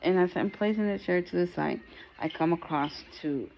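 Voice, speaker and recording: Low-voiced woman, casual rambling storyteller, dull lo-fi sound. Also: expressive, normal speed, vocal fry, slight background noise. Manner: rambling with frequent fillers and restarts.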